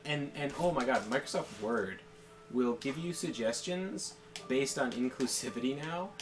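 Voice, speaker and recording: A man's voice: medium pitch, lively intonation, normal speed. Profane, ranting man over game music. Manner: profane, rambling ranting with frequent laughs. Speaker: co-host chatting during a game stream. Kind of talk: casual chat.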